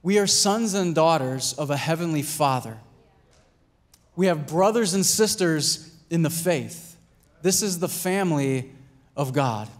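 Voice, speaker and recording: A pastor preaching a sermon in a conversational way, acting out little scenes and asking "right?" and "Amen?". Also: male voice, a little high, animated, unhurried. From United States. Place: church hall.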